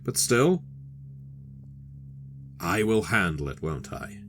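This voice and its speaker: A man's voice: deep voice, very animated, takes it slowly, soft background music, heavily acted. A man playing an angry middle-aged suburban husband, scolding his wife over the phone and stumbling when he plans his next move. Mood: flustered. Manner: scolding, exasperated, hesitant when planning.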